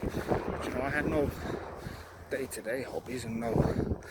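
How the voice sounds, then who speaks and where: A young man talking candidly and reflectively while walking, out of breath, with frequent pauses and restarts. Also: medium pitch, fairly even intonation. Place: outdoors walking up a hill. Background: loud outdoor noise.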